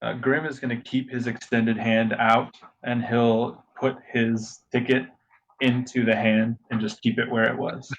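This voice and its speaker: A man playing a tabletop game, lively and playful as he speaks for his character. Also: mid-range voice, measured pace, highs cut off, a little hiss or hum. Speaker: player.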